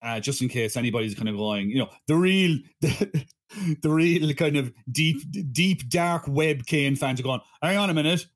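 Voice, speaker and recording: A man's voice: mid-range voice, moderate pace. Man, podcast co-host, casual chat, rambling, laughing, restarts a lot.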